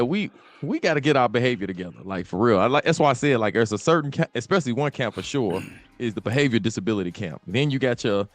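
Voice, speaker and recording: A man, laid-back and earnest in a casual talk radio discussion, laughing easily. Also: mid-range voice.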